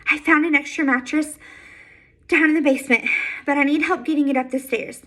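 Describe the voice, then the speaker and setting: A woman's voice: sits high, fairly even intonation, brisk, fairly bright tone. A woman voicing a kind, practical teenage girl who speaks in a plain, matter-of-fact way.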